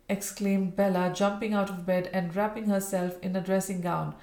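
A woman's voice: on the low side, little pitch movement, normal speed, dark tone. Woman narrating a Victorian novel, roomy. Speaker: audiobook narrator. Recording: roomy echo.

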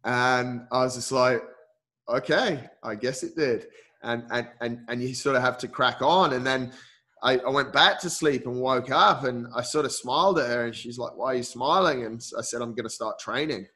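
A man's voice: mid-range voice, normal speed, pushed and bright. Candid man telling his story. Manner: earnest and candid, calls the listener "mate" often, with many restarts. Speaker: endurance coach, interview guest. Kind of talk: personal storytelling in a podcast interview.

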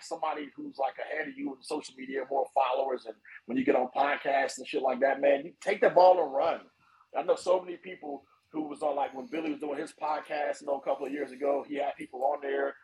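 A man chatting casually as a podcast guest, animated and swearing freely. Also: a little high, gravelly, poor audio. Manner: animated, swears casually, acts out quoted voices. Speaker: podcast guest, snake breeder. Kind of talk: casual chat.

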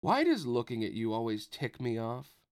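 A man's voice: mid-range voice, huge pitch swings, moderate pace, clear, resonant tone. A man voicing a cocky teenage boy rival with a mocking, swaggering manner. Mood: wry. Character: cocky teenage male rival, teasing bully.

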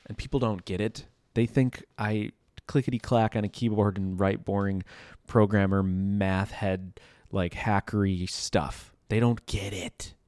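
A man's voice: sits low, a little mellow, no echo. A man in his thirties talking casually in a loose, rambling monologue, full of "like" and "you know", as a podcast host.

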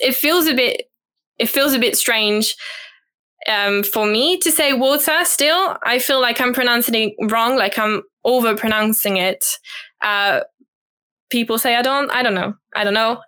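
A young woman who grew up speaking French talks with a picked-up British twang in her bright, forceful voice. She answers an interview question thoughtfully and hesitantly, filling pauses with ums. Her pitch sits in the middle of the range for a woman. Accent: British English twang. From French-speaking country. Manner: thoughtful, hesitant, many ums and light laughs. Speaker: guest, au pair. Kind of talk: casual interview.

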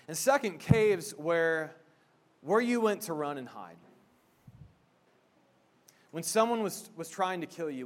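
A man pastor giving a sermon, opening with a hushed prayer and then preaching in a casual, conversational way with frequent restarts. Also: a little high.

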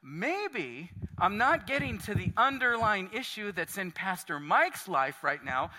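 A man's voice: very animated, unhurried, bright, forceful tone. A man preaching a sermon as pastor, earnest, acting out prayers and quotes in his own voice. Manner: earnest, acts out prayers and quotes with shifting pitch. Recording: long hall reverb.

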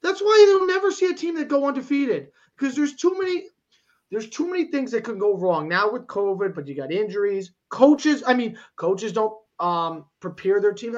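A man's voice: extremely high pitch, lively intonation, moderate pace. Argumentative male co-host on dull lo-fi audio. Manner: argumentative, emphatic, says "bro" and "listen". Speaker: sports podcast co-host. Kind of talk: casual sports talk.

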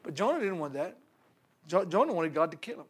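A man's voice: a little high, brisk, breathy edge. A man preaching a sermon, retelling a Bible story with laughter, stumbles and repeated words. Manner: animated storytelling with laughs and repetitions.

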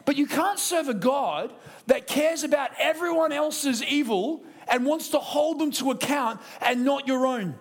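An Australian man preaching a sermon at a church service, lively and conversational, acting out quick impressions. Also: very high-pitched.

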